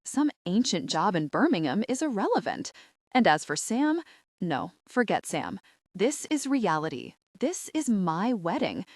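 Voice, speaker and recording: A woman narrating a romantic comedy audiobook in the first person, animated and exasperated. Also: medium pitch, unhurried, no room sound, studio quality.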